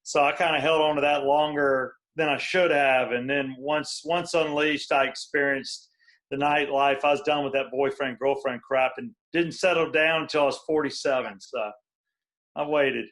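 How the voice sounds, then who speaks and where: A man in his fifties co-hosting a podcast, chatting in a relaxed, candid way. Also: a little high, normal speed. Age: 50s. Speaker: co-host. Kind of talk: casual podcast chat.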